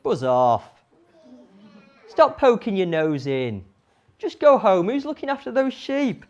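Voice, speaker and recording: A woman's voice: medium pitch, sing-song, takes it slowly, darkish tone, muffled recording. A woman voicing scornful older brothers who tell their young brother to go home.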